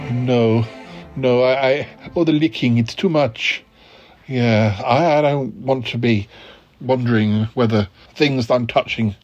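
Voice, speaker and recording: Brief: male podcast host, mid-pitched, dithering and polite, slightly dull lo-fi sound. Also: a little mellow. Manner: hesitant and polite, full of ums and stammered restarts. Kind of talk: improvised comedy sketch.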